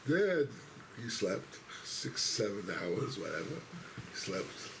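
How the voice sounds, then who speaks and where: A rabbi with a gravelly, fry-edged voice tells a story to his congregation. He rambles and keeps interrupting himself as he goes. The recording is noisy, with steady room sound behind him. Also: on the low side, takes it slowly. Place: synagogue.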